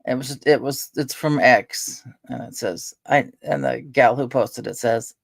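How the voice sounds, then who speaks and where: A woman's voice: a bass voice, measured pace, vocal fry, slightly rough, no room sound. An older woman chatting casually on her vlog at home, rambling with lots of fillers. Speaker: vlogger. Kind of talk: casual chat.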